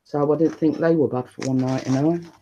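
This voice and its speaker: A man hosting a casual live stream from his living room, talking quietly and rambling chattily to viewers. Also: a little high, steady tone, fairly quick, muffled recording, slight background noise. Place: living room at home, indoors.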